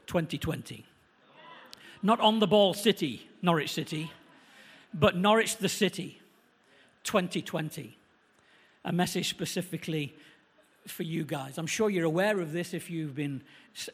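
A middle-aged man with a Manchester accent preaching a sermon, quick and conversational, slowing down to stress key points. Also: high voice, fairly bright tone. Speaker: visiting pastor. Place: church hall. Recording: echoey church hall.

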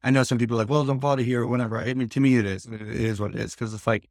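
A man hosts a podcast in a lowish voice, speaking casually as a doctor. He rambles, searching for his words and restarting his sentences. The recording is dry and close. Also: steady tone, very fast, creaky, darkish tone, no room sound. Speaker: podcast host, oncologist. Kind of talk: casual conversation.

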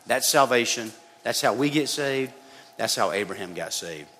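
A man's voice: medium pitch, lively intonation, moderate pace, fairly bright tone. A man preaching a sermon, speaking conversationally and addressing his listeners directly as guys. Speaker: pastor. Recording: long reverb of a hall, faint noise.

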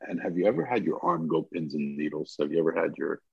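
His pitch is extremely low, creaky and slightly rough as this older podcast guest quickly tells a long story, animatedly acting out the dialogue. The slightly muffled recording carries no room sound.

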